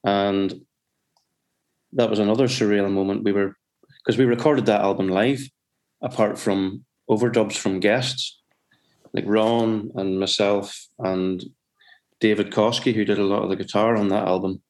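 A man's voice: on the low side, steady tone, measured pace, a little mellow. A man from Northern Ireland with a Northern Irish accent, a musician telling stories in a casual, rambling way with many restarts. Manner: rambling, with frequent restarts and self-corrections. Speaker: musician guest. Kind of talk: casual anecdotal chat.

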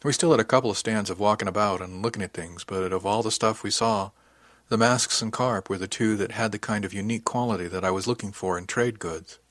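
A man reading a novel aloud in the first person as an audiobook narrator, with even, unhurried storytelling. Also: fairly low pitch, dry recording, studio quality.

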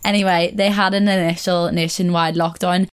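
A woman's voice: fairly low pitch, level tone, moderate pace, smooth. A young woman hosting a casual solo podcast, chatty and rambling, often correcting herself and laughing. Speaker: podcast host.

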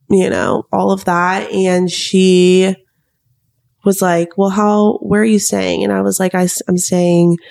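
Her fairly low, slightly mellow voice carries a long, chatty story on the podcast she co-hosts. She's a young American woman in her twenties, and her talk is full of "like" and "um."

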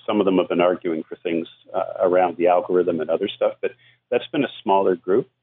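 A man's voice: deep voice, fairly even intonation, fairly quick, slightly rough, narrow, tinny audio. A man explaining media policy as a guest on a radio call-in show, talking at length with many fillers. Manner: explanatory, frequent "you know" fillers.

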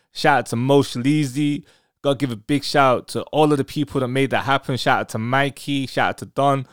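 An enthusiastic man hosts a podcast interview in a casual, effusive way. His voice is smooth and resonant, sitting at an ordinary pitch, and it is recorded dry and close with no room sound. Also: no echo. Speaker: podcast host.

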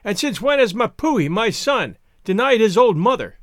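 A man's voice: high voice, big pitch swings, normal speed, dry recording, clean studio sound, pitched above the performer's own voice. A man voicing an elderly mother returned from the sea, speaking in a weary, plaintive tone in a storybook reading. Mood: reproachful. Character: frightened old woman ghost-mother, plaintive.

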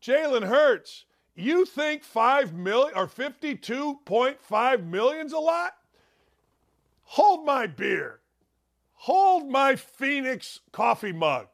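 A middle-aged man hosting a sports talk show, ranting sarcastically in an opinionated monologue with drawn-out emphasis. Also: extremely high pitch, very animated.

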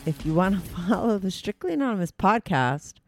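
A woman's voice: mid-range voice, big pitch swings, brisk, soft background music. A woman hosting a call-in podcast, talking in a chatty, loose way with fillers and repeats. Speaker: podcast host. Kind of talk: casual chat.

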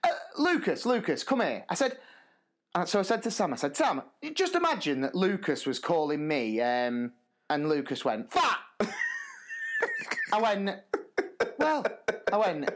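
A man co-hosting a podcast, a primary school teacher telling stories in a casual, animated way and laughing through them. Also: a little high, moderate pace. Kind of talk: casual storytelling chat.

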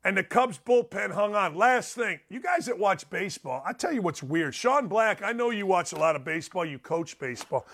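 Middle-aged male sports talk host, high-pitched, loud, ranting, opinionated. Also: lively intonation, moderate pace, hardly any pauses.

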